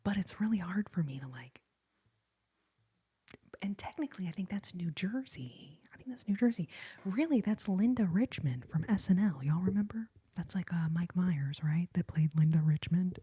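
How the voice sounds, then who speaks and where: A young adult woman hosting a whispered ASMR live chat, talking softly and giggling now and then into a close microphone. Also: lowish voice, expressive, moderate pace, breathy edge. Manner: soft whisper, chatty, giggly. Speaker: ASMR host.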